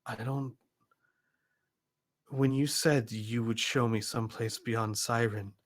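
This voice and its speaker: Prim old woman with a cane, played by a man, soft, formal, slow. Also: mid-range voice, fairly even intonation, close to an everyday voice.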